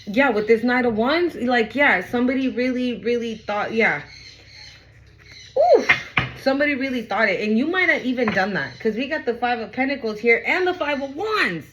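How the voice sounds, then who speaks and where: A woman's voice: fairly high pitch, lively intonation, moderate pace, a bit bright, lo-fi sound, slight background noise. A woman giving a casual tarot reading to camera. She talks bluntly, swears freely, repeats her points and keeps asking "right?". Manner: blunt and profane, repeats phrases for emphasis; asks "right?" again and again. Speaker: tarot reader.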